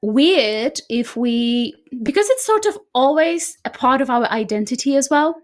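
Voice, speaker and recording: A woman guest who coaches people on decluttering, telling her story in an animated, chatty way and often checking in with "right?". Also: high-pitched, measured pace. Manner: animated, frequently adds "right?". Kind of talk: conversational storytelling.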